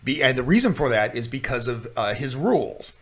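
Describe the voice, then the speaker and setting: A man's voice: medium pitch, very animated, brisk, a bit bright. A man co-hosting a casual talk show, rambling with frequent restarts and laughter. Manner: rambling, restarts often, laughs while talking. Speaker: podcast co-host. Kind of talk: casual chat.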